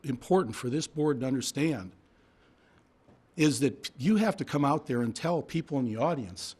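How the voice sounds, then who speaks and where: A man with a hoarse, fading voice gives public hearing testimony, speaking emphatically and indignantly and firing off rhetorical questions from a podium microphone. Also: mid-range voice, a bit bright. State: hoarse, losing his voice.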